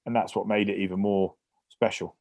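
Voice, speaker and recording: A man, a former rugby player, telling lively stories as a guest in a casual podcast interview. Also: on the low side, a little fast, vocal fry, no echo. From England. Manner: lively anecdotal storytelling.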